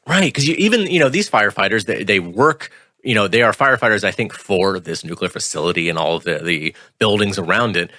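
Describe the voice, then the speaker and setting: A man with a lowish but bright, forceful voice chats as a podcast co-host. He talks loosely and swears casually. The recording is dry and close. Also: lively intonation, fairly quick, no echo.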